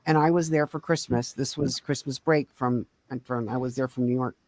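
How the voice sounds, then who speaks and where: A middle-aged woman co-hosting a podcast, telling a family story in casual chat, swinging between quiet and loud. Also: a bass voice, fairly even intonation, moderate pace, dry recording. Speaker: podcast co-host.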